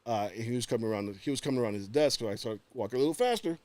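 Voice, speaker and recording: Here a male podcast guest recounts something that happened to him, chatting casually and doing lively impressions of everyone in the tale. He speaks at a racing clip in a mid-range voice, recorded dry.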